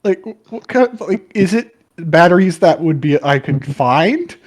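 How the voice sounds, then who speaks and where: A man's voice: a little high, animated, normal speed. A man playing a tabletop game, talking casually, swearing and rambling as he works things out. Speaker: player.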